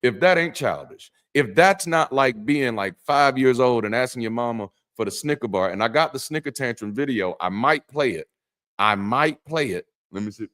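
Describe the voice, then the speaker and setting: A man who used to be a pastor, hosting a live call-in stream and talking to the chat with animated emphasis, preacherly phrasing, blunt slang, casual swearing and frequent restarts. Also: mid-range voice, normal speed. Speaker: host of a live call-in show, former pastor. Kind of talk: livestream monologue to chat.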